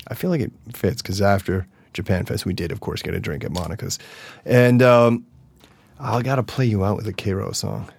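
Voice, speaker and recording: A man hosting a podcast, chatting casually and energetically, profane, with loud bursts and mumbled asides. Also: on the low side, moderate pace, vocal fry, slightly rough. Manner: animated and profane, swings from loud bursts to mutters. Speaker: podcast host. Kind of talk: casual solo podcast chat.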